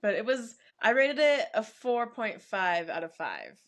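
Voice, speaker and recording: Upbeat, giggly female book-podcast co-host with a slightly high voice. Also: big pitch swings, fairly bright tone. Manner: giggly, quick to laugh, upbeat. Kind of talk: casual book chat.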